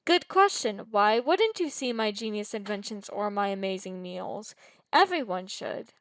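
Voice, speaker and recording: A woman's voice: a little high, a little slow, no room sound, close to an everyday voice. A woman reading aloud, voicing an arrogant young male fire demon with a haughty, condescending manner.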